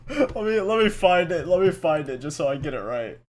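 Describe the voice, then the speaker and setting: A man's voice: a little high, sing-song, a little fast, a little mellow. A young man co-hosting a casual podcast, rambling through stories with restarts and frequent giggles. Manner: rambling storyteller with many restarts and fillers, giggly. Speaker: podcast co-host. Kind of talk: casual chat.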